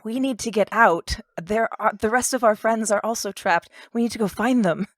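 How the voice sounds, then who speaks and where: A woman's voice: a little high, moderate pace, no room sound. A woman player in a tabletop game, speaking earnestly and insistently in character. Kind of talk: tabletop role-play.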